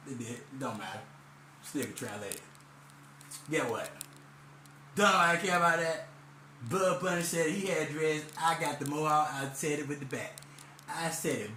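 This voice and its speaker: Man ranting to camera, rambling, angry, profane, bright forceful tone. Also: a little high, expressive, measured pace, pauses often, roomy sound, a little hiss or hum. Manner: loud and heated in the second half. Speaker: vlogger. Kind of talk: ranting monologue.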